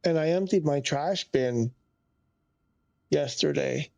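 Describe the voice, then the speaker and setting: Slow, gravelly flight sim streamer muttering. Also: medium pitch, no room sound. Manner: mutters to self, sighs often, easily frustrated. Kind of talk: live gameplay commentary.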